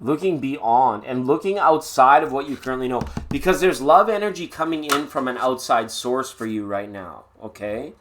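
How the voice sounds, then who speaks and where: A man's voice: medium pitch, normal speed, hardly any pauses, background noise. A man doing a live-stream tarot reading in a chatty, playful way with sing-song asides. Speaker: tarot reader.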